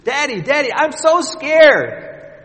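Scared little girl voice from a man preaching, squeaky and loud, begging, long hall echo. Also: very animated, takes it slowly, exaggerated voice. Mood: frightened. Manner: pleading, high and strained. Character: frightened five-year-old girl trapped in a fire. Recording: long reverb of a large hall.

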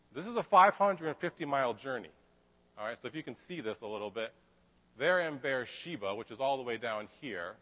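A man preaching in a relaxed, conversational manner, retelling a story with lots of asides. His voice sits at an ordinary middle pitch. A long reverb from the hall hangs behind every phrase. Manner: casual, chatty storytelling with asides.

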